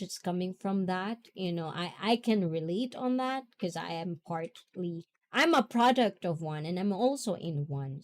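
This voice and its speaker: A giggly woman hosts a relaxed livestream chat, taking her time between words. Her speech is unhurried and drawn out, with frequent laughter as she reads viewer comments. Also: on the low side. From half Japanese, half Filipina. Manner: giggly, chatty, often laughing. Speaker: livestream host.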